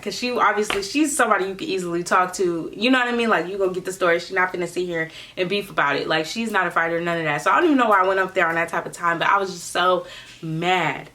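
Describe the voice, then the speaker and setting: A young woman vlogger telling a casual storytime in a slangy, animated way, acting out what people said. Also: medium pitch, a little hiss or hum. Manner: animated, slangy, acts out quotes.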